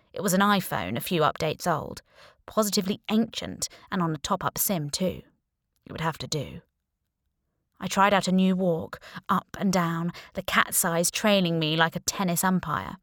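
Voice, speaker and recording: A woman's voice: fairly low pitch, dry recording, clean studio sound. Wry woman narrating an audiobook. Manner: wry, lively storytelling. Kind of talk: first-person audiobook narration.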